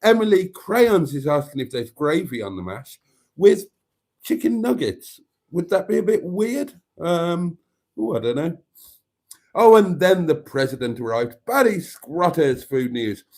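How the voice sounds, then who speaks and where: A man's voice: fairly high pitch, big pitch swings, a little slow, a little mellow. A man hosting a casual live stream, reading out viewer comments and greeting viewers by name. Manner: chatty, reads viewer comments aloud and greets them.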